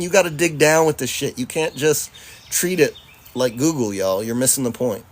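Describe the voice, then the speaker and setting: A man's voice: mid-range voice, moderate pace. A man hosting a livestream, casually reading viewer comments aloud, laughing easily and swearing freely. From Charlotte, North Carolina, US. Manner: laid-back, profane, laughs often, addresses audience as y'all. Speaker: livestream host.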